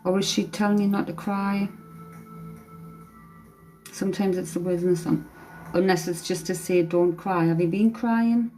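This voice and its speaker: A woman's voice: lowish voice, fairly even intonation, normal speed, long pauses, mellow, soft background music, poor audio. A woman working as a psychic medium, giving a live-stream reading in a hesitant way, repeating phrases and humming song lines, speaking into a phone.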